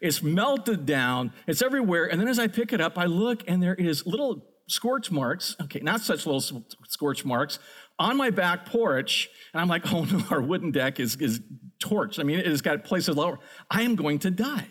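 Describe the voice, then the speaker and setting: Middle-aged male pastor, high voice, lively storyteller building to excited peaks. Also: normal speed. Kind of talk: sermon with a personal story.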